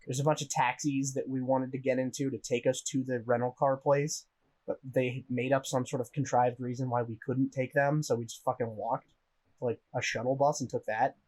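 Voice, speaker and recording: A man's voice: medium pitch, a little mellow. A young American man co-hosting a podcast, telling a story in a rambling way with lots of swearing and laughter. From United States. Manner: profane, rambling, laughs while telling stories. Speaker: podcast co-host. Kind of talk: casual storytelling chat.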